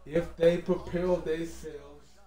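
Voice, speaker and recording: Slangy, excitable gaming commentator man. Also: fairly high pitch, slow, echoey room. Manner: loose, slangy and excitable, with "you dig" and "man" fillers. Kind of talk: casual gameplay commentary.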